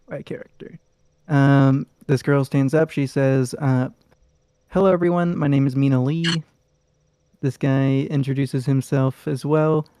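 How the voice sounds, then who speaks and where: A man's voice: mid-range voice, mellow, smooth, no echo. A man narrating a tabletop game as game master, in a loose, rambling way with lots of fillers.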